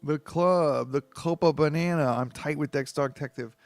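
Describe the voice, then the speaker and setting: A man's voice: a little high, moderate pace, vocal fry. A man voicing an eager, clumsy young male dog hero who talks with stammering bravado.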